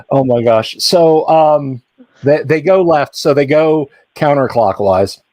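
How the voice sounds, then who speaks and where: This is a middle-aged man hosting a casual home live stream, talking in a rambling way full of fillers and restarts. His voice sits at an ordinary pitch and sounds close and dry, with no room around it. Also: slow, long pauses, darkish tone, dry recording. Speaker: stream host.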